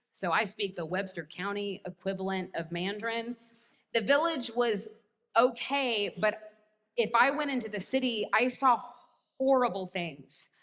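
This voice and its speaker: A woman's voice: medium pitch, a bit bright. A female pastor with an American accent, preaching a sermon and telling a story with wry, self-deprecating humor, in a church sanctuary. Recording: long hall reverb.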